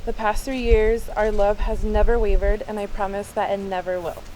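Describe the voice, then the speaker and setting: A woman's voice: medium pitch, flat delivery, moderate pace, darkish tone, a little hiss or hum, poor audio. A young woman, the bride, reading her wedding vows in a heartfelt and earnest way.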